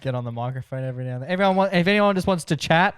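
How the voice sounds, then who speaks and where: Australian bloke, highish voice, dry close sound, quick joker in the banter. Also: male voice, lively intonation, clear, resonant tone, dry recording. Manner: quick joking interjections. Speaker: podcast co-host. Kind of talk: casual banter.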